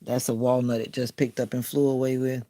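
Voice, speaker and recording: A man's voice: medium pitch, little pitch movement, a little fast, warm tone, a little hiss or hum. A man hosting a casual morning live stream from home, rambling and chatty, often correcting himself mid-sentence. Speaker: live stream host and content creator. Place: at home in the morning, near a window with bird feeders.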